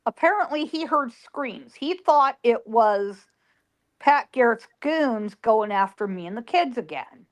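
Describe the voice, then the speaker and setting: Slow-telling psychic woman, emotional storyteller. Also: fairly high pitch, lively intonation. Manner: emotional storyteller, quotes people in her story. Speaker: psychic guest. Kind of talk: telling a past-life story.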